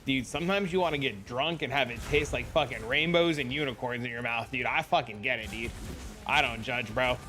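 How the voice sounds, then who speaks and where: Bright-voiced, profane young streamer guy. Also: medium pitch, fairly quick, faint music behind. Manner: loose and heavily profane, peppered with dude and bro; excitable storyteller. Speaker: livestream host. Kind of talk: casual livestream chat with viewers.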